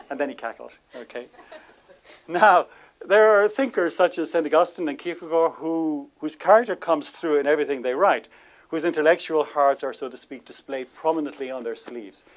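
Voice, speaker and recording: A man giving an informal lecture to a live audience in a chatty way. He laughs often, makes self-deprecating asides and stresses lists of words with lively emphasis. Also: on the high side, normal speed.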